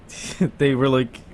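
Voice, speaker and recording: A man's voice: mid-range voice, dark tone, slight background noise. A young man co-hosting a casual chat, telling stories in a rambling, hesitant way that trails off. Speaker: podcast co-host.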